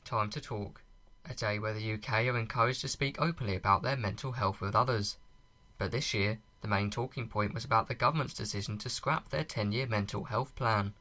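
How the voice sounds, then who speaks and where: A man reporter reading a measured, scripted news voice-over. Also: fairly low pitch, sharp tone.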